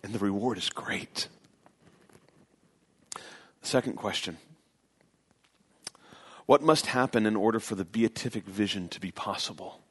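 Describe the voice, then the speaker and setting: A man's voice: lowish voice, a little slow, pauses often, fairly bright tone, husky. An earnest male pastor delivering a sermon from the pulpit. He talks in an emphatic way, circling back over phrases to drive a point home. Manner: earnest, emphatic preaching with repetitions.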